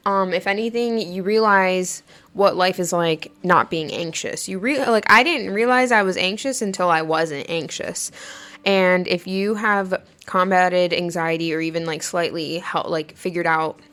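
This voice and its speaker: A woman's voice: on the low side, unhurried, a bit bright. Chatty woman podcast host. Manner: chatty, lots of "like" fillers, laughs while talking. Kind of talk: casual storytelling monologue.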